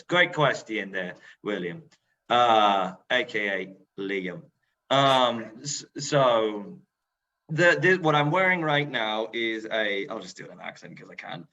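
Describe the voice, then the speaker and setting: A man's voice: on the low side, expressive, takes it slowly, pushed and bright. A man on a video call, chatting loosely as a museum role-player and answering questions, with many fillers and restarts. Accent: northern English put on. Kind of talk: casual Q&A talk on a video call. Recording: dull lo-fi video call audio.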